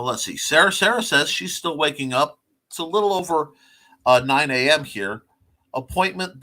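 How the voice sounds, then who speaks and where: Rambling bright-voiced male host. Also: a little high. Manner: rambling, filler-heavy, many restarts. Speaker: talk show host. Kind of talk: casual livestream chat.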